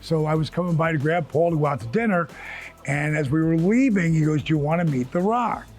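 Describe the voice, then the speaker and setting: A man who is a former wrestler, telling an animated backstage anecdote in an interview. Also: fairly high pitch, a little fast, faint music behind. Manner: lively storyteller who jumps into other people's voices. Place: yoga studio.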